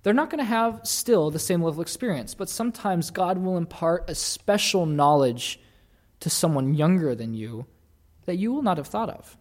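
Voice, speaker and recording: A man's voice: high voice, lively intonation, moderate pace. A young man preaching a sermon in an earnest, conversational way, acting out the voices he quotes.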